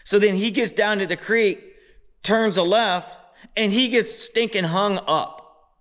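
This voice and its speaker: A man casually retelling a muddy trail ride, animated and exasperated. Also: high-pitched, unhurried. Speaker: motorbike vlogger. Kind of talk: casual storytelling voice-over.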